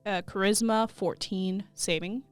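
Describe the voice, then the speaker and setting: A woman's voice: medium pitch, fairly even intonation, measured pace, smooth, no echo, faint music behind. A woman playing a tabletop game, chatting and thinking aloud as she plans her turn. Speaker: player. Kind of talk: casual tabletop game play.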